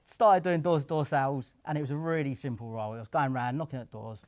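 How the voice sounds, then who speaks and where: A young man tells his story at a live event in an office. He is chatty and lively, slipping into the voices of the people he quotes. His voice sits at an ordinary middle pitch. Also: quick pace. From Essex, England. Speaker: guest, career switcher. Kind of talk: casual storytelling interview.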